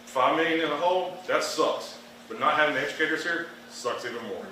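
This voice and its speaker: A man's voice: a little high, brisk. Blunt Southern man in an echoey hall. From American South. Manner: blunt, emphatic, animated. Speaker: public commenter. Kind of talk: public comment at a meeting. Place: large meeting room. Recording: echoey hall, far from the mic, some noise.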